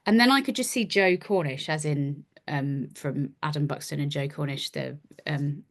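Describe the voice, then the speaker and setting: A woman in her forties with a slightly low voice tells rambling, self-deprecating stories on a podcast. She keeps slipping into acted-out versions of herself and others, playful and easygoing. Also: moderate pace. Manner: self-deprecating storyteller, acts out her own lines. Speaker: podcast guest, actor and musician. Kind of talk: casual anecdotal chat.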